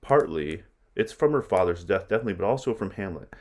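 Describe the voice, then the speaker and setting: A man's voice: deep voice, lively intonation, fast talker, darkish tone. A man teaching a play, stopping between readings to explain the lines in casual everyday words.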